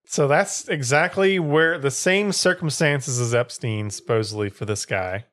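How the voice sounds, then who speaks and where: A man's voice: mid-range voice, measured pace, fairly bright tone. Rambling, laid-back male storyteller. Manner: rambling storytelling, full of "like" and "or whatever". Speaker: podcast co-host, storyteller. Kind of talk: casual chat.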